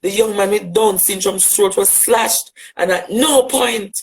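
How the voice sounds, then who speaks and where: At a measured pace, a high-pitched Jamaican man with a Jamaican accent delivers a fiery, impassioned monologue to a critic. He is an LGBTQ advocate who leans on rhetoric and repetition for emphasis, and the recording is low in quality.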